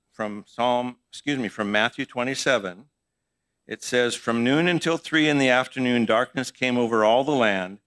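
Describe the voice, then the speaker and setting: Bright, dry-voiced male pastor teaching. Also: medium pitch, dry recording. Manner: conversational, asks the congregation questions. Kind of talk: sermon Bible teaching. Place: church.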